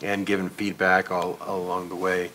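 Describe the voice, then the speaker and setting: A man, a film director, chatting in a relaxed way during a press interview. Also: deep voice, moderate pace, a little hiss or hum, low-quality recording.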